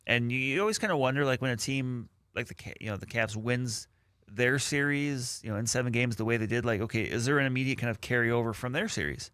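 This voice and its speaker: Bright-voiced sports radio co-host. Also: male voice, mid-range voice, expressive, clean tone, dry recording, studio quality. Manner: measured, analytical, with many "like" and "you know". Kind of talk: casual sports talk. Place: radio studio.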